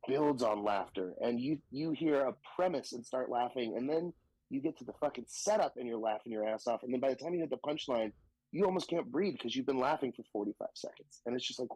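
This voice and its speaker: Southern comic guy on a podcast, kinda husky voice, swears a lot, acts out the quotes, dry close mic. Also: medium pitch, brisk, no echo, low-quality recording. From Southern United States. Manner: animated, profane, jumps into quoted voices. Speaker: stand-up comedian guest. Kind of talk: casual podcast storytelling.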